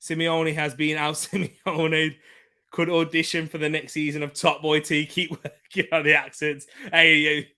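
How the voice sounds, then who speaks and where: A man hosting a live football watchalong, excitable, laughing often and shouting out at near chances. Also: fairly high pitch, a little slow.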